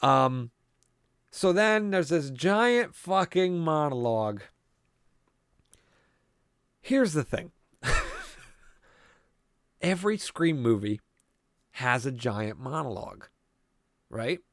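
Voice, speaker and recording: A man's voice: fairly high pitch, very animated, slow, long pauses, a bit bright, clean tone, no room sound, studio quality. A man co-hosting a podcast, casually recapping a movie scene by scene with a lot of swearing and rambling. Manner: profane, rambling storyteller. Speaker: podcast co-host.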